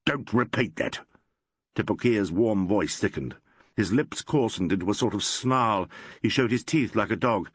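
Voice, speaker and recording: A man narrating a classic crime novel as an audiobook, reading in a measured, expressive way. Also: lowish voice, no echo.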